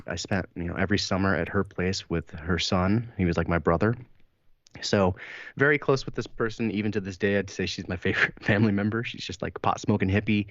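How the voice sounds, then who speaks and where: Podcast co-host, man, lowish voice that swings widely in pitch; profane, laughing storyteller, dry dull mic. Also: no room sound. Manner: animated, swearing, laughs often, acts out quotes. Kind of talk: casual storytelling chat.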